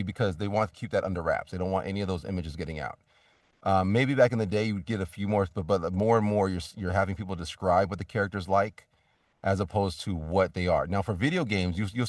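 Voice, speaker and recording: A voice actor talking casually as a guest in an interview, rambling with many restarts and fillers. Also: male voice, low voice, quick pace, no room sound, clean studio sound, recorded from a distance.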